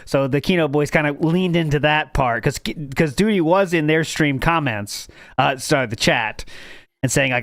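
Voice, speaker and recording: A man's voice: a little high, moderate pace, a bit bright, dry recording. A man hosting a casual podcast, rambling and correcting himself as he talks. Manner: rambling, self-correcting, laughs at own jokes. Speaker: podcast host.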